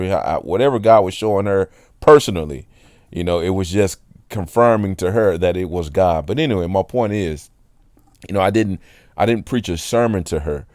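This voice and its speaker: Earnest low-voiced man giving testimony. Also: a little mellow, no echo, clean studio sound. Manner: earnest, rambling, keeps asking "you know what I'm saying". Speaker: Christian testimony speaker; water delivery driver. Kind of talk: casual spoken testimony.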